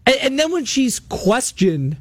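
A man's voice: very high voice, sing-song, measured pace, no room sound. A man from Canada hosting a call-in sports radio show, ranting with emphatic sarcasm while he is losing his voice. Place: radio studio.

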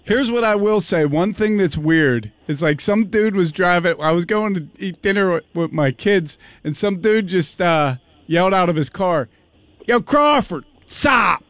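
A man's voice: sits high, normal speed, few pauses, no echo. A man co-hosting a radio show, telling anecdotes in a wry, laid-back way. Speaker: radio co-host. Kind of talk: casual radio chat.

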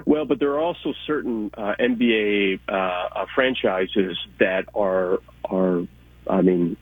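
A man's voice: on the low side, slow pace, breathy edge, no echo. A man who is a weekly guest on a sports radio show, talking in emphatic bursts with frequent restarts. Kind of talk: casual sports talk. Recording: tinny phone-like line.

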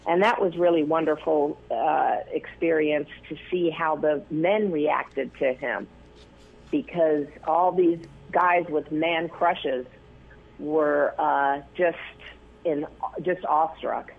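A man telling stories as an interview guest, rambling with many fillers and restarts, his voice gravelly and husky. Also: fairly high pitch, steady tone, slow pace. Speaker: news photographer, interview guest. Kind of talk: casual interview storytelling. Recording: tinny phone line.

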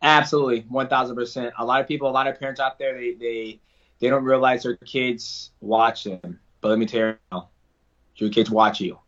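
A man's voice: medium pitch, steady tone, brisk, a bit bright, muffled recording. A man answering interview questions in a casual, earnest way, often restarting his sentences. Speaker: interview guest, fighter.

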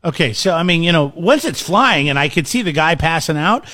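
A man's voice: on the high side, lively intonation, a little fast, sharp tone, dry recording, clean studio sound. A man co-hosting a morning radio show, chatting casually and introducing clips.

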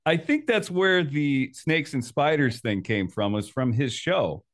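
Male podcast host, mid-pitched, upbeat, chatty, asks questions. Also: lively intonation, measured pace, fairly bright tone. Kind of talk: casual podcast interview.

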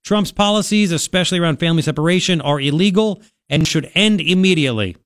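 A man hosting a political talk radio show, rambling and sarcastic in an animated way. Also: on the high side, fast talker, dry recording, studio quality.

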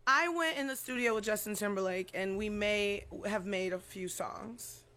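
A woman's voice: mid-range voice, normal speed, fairly bright tone. A woman being interviewed about her music, playful and teasing, laughing often. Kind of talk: casual interview banter.

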